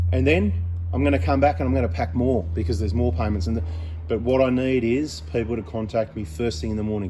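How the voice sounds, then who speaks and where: Blunt, rambling man, mellow voice. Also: medium pitch, slight background noise. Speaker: mechanic and parts seller. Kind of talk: casual vlog talk to camera.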